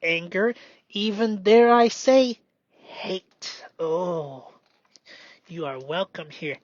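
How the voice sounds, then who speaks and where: A man doing a slow, meditative spoken self-reflection, halting and often dropping into a whisper. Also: high-pitched, lively intonation, no room sound. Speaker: solo performer. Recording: dull lo-fi dry recording.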